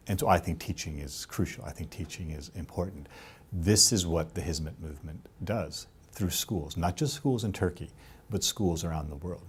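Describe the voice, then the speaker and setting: A middle-aged man with a very low, deep voice answers interview questions as a professor. He talks earnestly and returns to his main points again and again. A faint hiss of noise sits under the recording. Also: a little mellow. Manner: earnest, repeats key points, many "you know" fillers. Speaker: professor of theology.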